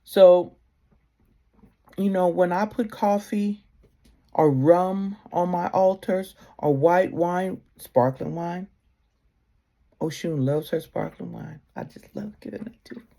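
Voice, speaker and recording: A woman giving casual spiritual advice to camera, heartfelt and conversational, sometimes sinking to a soft near-whisper. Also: on the low side, takes it slowly, gravelly.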